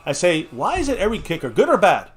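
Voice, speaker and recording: A man reacts to a football game as it unfolds, his voice already wearing thin and rough from shouting. His pitch is a bit high for a man and swings widely, jumping up when something big happens. He talks casually and swears freely. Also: fast, faint music behind. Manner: excitable, loud outbursts at big plays, swears. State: voice getting hoarse. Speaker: co-host of a fan watch-party stream.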